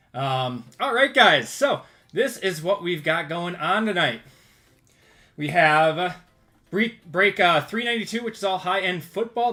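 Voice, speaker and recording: A man's voice: a little high, sharp tone. A man hosting a casual livestream, upbeat and greeting viewers by name as they join. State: out of breath. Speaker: card break livestream host. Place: home.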